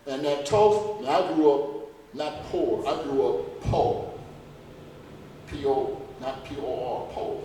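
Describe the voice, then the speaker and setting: In an echoey church hall, recorded from a distance, a man lectures on health in a folksy, emphatic way, throwing rhetorical questions at the audience. His voice sits on the high side, animated and unhurried, with a dark tone and a slight hiss or hum.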